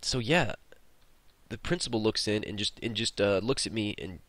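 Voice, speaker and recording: A man's voice: lowish voice, lively intonation, moderate pace, fairly bright tone, no room sound. A man hosting a gaming video, telling a long story in a casual, rambling way while he plays, swearing freely. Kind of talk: casual storytelling over gameplay.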